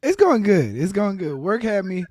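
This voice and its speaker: Fortyish man; relaxed guest recorded dry and close. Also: high-pitched, moderate pace, no room sound. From Texas. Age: 40s. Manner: relaxed, laughs easily, talks with fillers. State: slightly hoarse from allergies. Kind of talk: casual interview chat.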